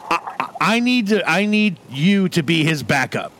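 A man's voice: high-pitched, very animated, a bit bright, a little hiss or hum. A man hosting a casual chat, joking and crude, teasing his guest. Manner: joking, crude, quick to tease. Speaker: host.

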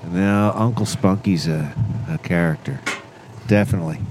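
A man hosting a talk show in casual banter, unhurried and amused as he reacts. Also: low voice. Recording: clear background noise.

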